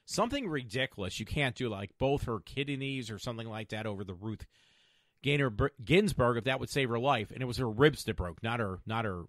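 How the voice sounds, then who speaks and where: A man's voice: mid-range voice, lively intonation, fairly quick, fairly bright tone, no room sound. A man in the middle of his range talks through a solo podcast, opinionated and rambling, stopping often to correct himself. His voice sits close to the mic in a dry, dead room. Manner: rambling, opinionated, self-correcting with many fillers. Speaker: podcast host.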